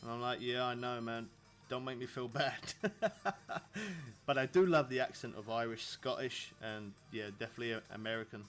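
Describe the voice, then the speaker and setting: Guy in his 30s, chatty streamer, mid pitch, laughs a lot, faint music behind. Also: moderate pace, a bit bright. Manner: rambling, chatty, laughs often. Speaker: game streamer. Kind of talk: casual live-stream chat.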